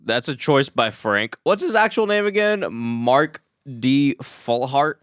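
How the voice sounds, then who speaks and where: A man co-hosting a podcast, joking excitedly while recapping a movie in casual chat. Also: medium pitch, slow, clean tone. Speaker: podcast co-host.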